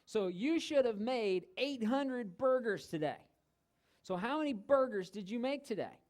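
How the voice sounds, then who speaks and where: Animated man teaching in a church. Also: very high voice, unhurried. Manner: animated storytelling with humor. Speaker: guest teacher. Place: church hall.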